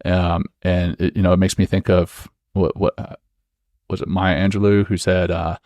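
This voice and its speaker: A man's voice: low voice, little pitch movement, moderate pace, a little mellow, no echo. A man co-hosting a casual podcast, talking in an earnest, reflective way and correcting himself as he goes. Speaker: podcast co-host.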